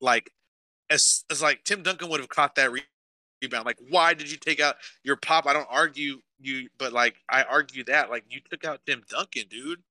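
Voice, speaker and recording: Young man, podcast co-host, very bright voice, dry sound, swears a lot, heated ranting. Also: mid-range voice, normal speed, no echo. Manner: swears a lot, emotional sports rant. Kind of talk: casual chat with live chat.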